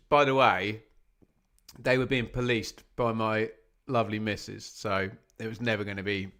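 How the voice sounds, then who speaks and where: Hosting a live football watch-along stream, a man with a fairly low, gravelly yet fairly bright voice chats casually with viewers. He reads out where people are watching from and pokes fun at himself.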